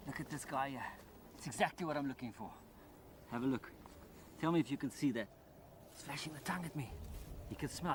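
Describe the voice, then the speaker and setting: A man presenting wildlife outdoors by paddy fields, with a middle-pitched voice and an eager, explaining manner. Faint outdoor sound sits behind him. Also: slight background noise. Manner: enthusiastic, explains while handling animals.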